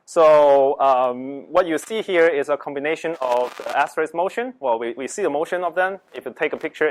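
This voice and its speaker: A man's voice: fairly high pitch, slight background noise, rough recording. A man giving an astronomy lecture in a room, hesitant, with many fillers and restarts.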